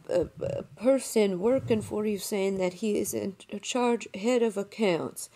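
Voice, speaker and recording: A woman's voice: mid-range voice, mellow. Woman prank calling, acts nervous and unsure, lots of ums. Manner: feigns a nervous, hesitant caller. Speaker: video creator prank-calling scammers. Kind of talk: prank phone call.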